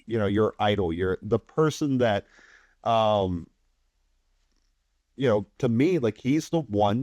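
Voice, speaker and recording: A man guesting on a podcast who tells stories in a relaxed, animated way, acts out what other people said, and swears casually. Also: lowish voice, dry recording, studio quality. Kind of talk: casual anecdotal storytelling.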